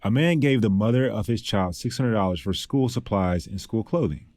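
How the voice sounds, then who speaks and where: A man's voice: lowish voice, animated, moderate pace, a little mellow, no room sound, clean studio sound. A man co-hosting a podcast, an easygoing storyteller in casual chat who laughs often. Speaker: podcast co-host.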